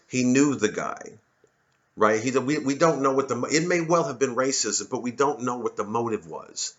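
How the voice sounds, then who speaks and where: A man's voice: medium pitch, a bit bright, muffled recording. An American man from Missouri, a comedian delivering a rambling, profane, digressive monologue full of restarts. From Missouri, USA. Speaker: comedian hosting his own show.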